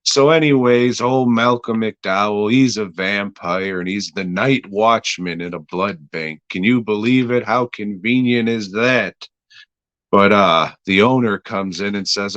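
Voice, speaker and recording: Slow, rambling, low-voiced man. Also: a bit bright, dry recording, muffled recording. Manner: rambling, crude, offhand. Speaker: reviewer. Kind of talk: casual podcast review.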